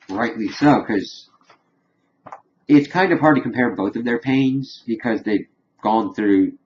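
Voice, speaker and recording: A man's voice: medium pitch, dull audio. A young man casually reviewing a TV episode, retelling the scenes in a chatty way with loosely quoted dialogue.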